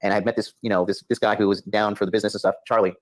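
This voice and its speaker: Podcast guest, male, rapid storyteller who swears and acts out his thoughts, lowish voice. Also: dry recording, low-quality recording. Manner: fast, animated, acts out his own inner voice with lots of swearing.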